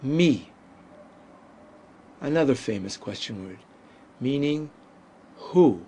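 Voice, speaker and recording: A man gives a language lesson at a very unhurried pace, stretching out each word and leaving space for listeners to answer. His pitch sits in a middle range, and a faint hum of room noise lies under his voice. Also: expressive, warm tone. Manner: deliberate, drawn-out pronunciation with pauses. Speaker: Hebrew teacher. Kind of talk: slow, patient language lesson.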